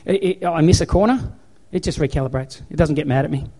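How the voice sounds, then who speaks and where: Male pastor preaching, fairly high voice, hammering the same line over and over. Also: quick pace, dark tone. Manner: emphatic, repetitive, exhorting. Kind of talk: sermon. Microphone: handheld microphone.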